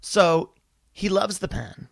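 Profane, animated male comedian telling a story. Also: high-pitched, vocal fry, no echo, studio quality. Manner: fast, animated, profane, acts out quotes. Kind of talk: casual storytelling chat.

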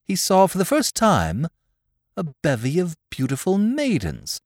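A man narrating a classic tale in a theatrical, scripted way, dropping low on the speech tags. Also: huge pitch swings, unhurried, darkish tone, no room sound, studio quality. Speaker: podcast narrator.

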